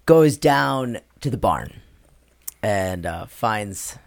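A man's voice: lowish voice, expressive, drawn-out words, vocal fry, no echo, clean studio sound. A man casually telling a secondhand story to friends, rambling and laughing as he goes. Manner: rambling, laughs through his own story. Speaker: podcast co-host.

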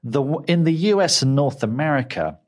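A man from London co-hosting a casual podcast chat, chatty and quick to laugh. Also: fairly high pitch, big pitch swings. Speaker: podcast co-host.

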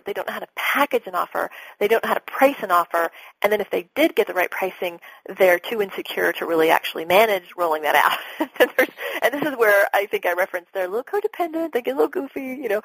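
A middle-aged woman, a business coach being interviewed, talking in an animated way and acting out her sales calls. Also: mid-range voice, husky, dry recording, rough recording. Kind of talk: podcast interview talk.

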